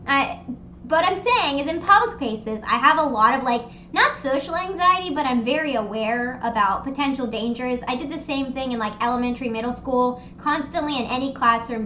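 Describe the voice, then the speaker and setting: A young woman hosting a casual livestream chat from home, telling stories in an animated, rambling way with lots of fillers. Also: sits high, reverberant, highs cut off, a little hiss or hum. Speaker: streamer hosting a live hangout. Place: her home. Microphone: streaming desk mic.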